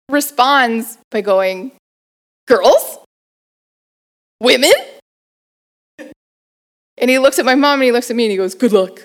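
A woman telling a personal story in an interview, animated, laughing often and using lots of fillers. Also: a little high. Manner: acts out family members' voices. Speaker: guest performer.

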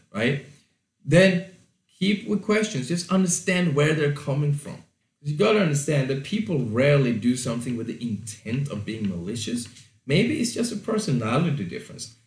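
A man's voice: mid-range voice, roomy sound. A man talking loosely as a podcast host, giving advice with fillers, restarts and the odd swear word. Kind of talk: casual advice monologue.

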